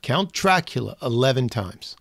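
A man's voice: mid-range voice, big pitch swings, normal speed, creaky, a bit bright. A man co-hosting a podcast, chatting playfully about a film with casual asides. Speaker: podcast co-host.

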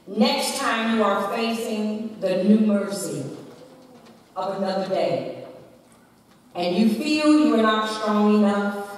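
Slow, emphatic woman preaching in echoey church. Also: medium pitch, darkish tone, a little hiss or hum. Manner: dramatic, emphatic preaching with storytelling. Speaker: church speaker. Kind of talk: women's day sermon. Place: church sanctuary. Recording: echoey church hall from far off.

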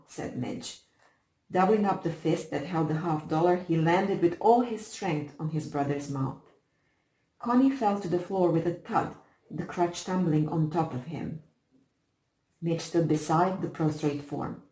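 A woman reading a short story aloud as audiobook narrator, steady and measured. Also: low-pitched, roomy sound, rough recording. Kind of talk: scripted narration.

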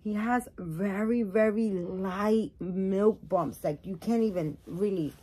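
A woman's voice: mid-range voice, slow, mellow, husky. A woman doll collector vlogging casually as she unboxes a new doll, rambling and emotional as she gushes over it.

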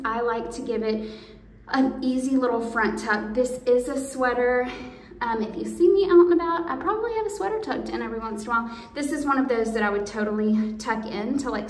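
A woman's voice: on the high side, far from the mic. A woman, hosting a casual clothing try-on and gushing to viewers in a chatty way. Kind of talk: casual product try-on video. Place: room indoors. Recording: echoey room, voice from off the mic.

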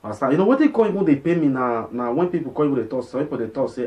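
A man with a Nigerian Pidgin accent talks casually over clips in his vlog. He is chatty and repetitive, often checking whether his listeners follow. His voice sits at an ordinary middle pitch. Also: animated, racing, few pauses, a little mellow. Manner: chatty, repeats himself, many fillers and "you understand?". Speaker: vlog host. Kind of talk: casual commentary.

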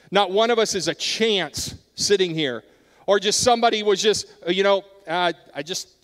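A middle-aged male pastor preaches a sermon earnestly in a high, bright-pitched voice, growing hushed and softer when he tells personal stories. A long hall reverb trails after his words in the church.

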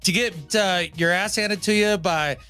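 A man's voice: high-pitched, measured pace, sharp tone, clean tone, soft background music. A man co-hosting a podcast, chatting loosely with frequent laughs and fillers. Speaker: podcast co-host. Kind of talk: casual podcast chat.

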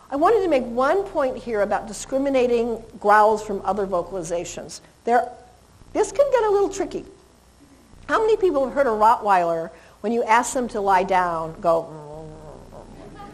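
A woman's voice: on the high side, poor audio. A middle-aged woman giving a lecture on dog behavior, chatty and often laughing, acting out dogs and people in quoted voices.

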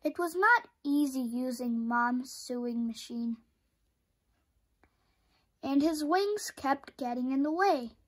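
Storyteller: woman, high voice, slow expressive read-aloud for kids. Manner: expressive, with sound effects. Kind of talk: children's book read-aloud.

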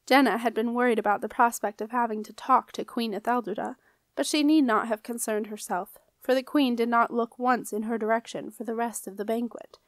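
A woman narrating a children's fantasy audiobook in a measured, expressive storytelling manner. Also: a little high, dry recording. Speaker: audiobook reader.

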